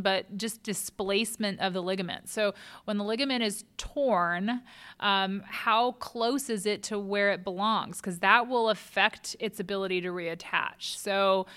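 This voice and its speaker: A woman's voice: medium pitch, fairly even intonation, measured pace, sharp tone, clear, resonant tone. A woman in her thirties, a hand surgeon, explaining treatment in a relatable, knowledgeable way with frequent fillers. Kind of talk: clinical explanation in an interview.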